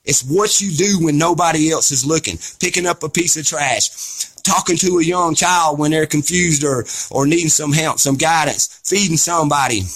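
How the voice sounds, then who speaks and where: Fiery, scolding man with a high, bright voice. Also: normal speed, breathy edge. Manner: fiery, scolding, blunt and profane. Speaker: vlogger. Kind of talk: impassioned preachy rant to camera.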